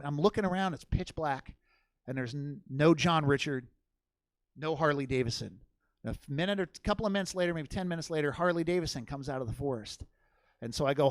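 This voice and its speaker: Male stand-up comic, high voice, dry close sound, rambling and profane. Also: expressive, a little fast, no echo. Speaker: stand-up comedian. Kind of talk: stand-up storytelling. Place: comedy theater stage.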